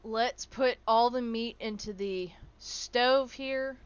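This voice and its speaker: Woman game streamer, crisp clear tone, casual swearing, chats to her pets. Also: a little high, slow pace, dull audio. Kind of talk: casual gameplay commentary.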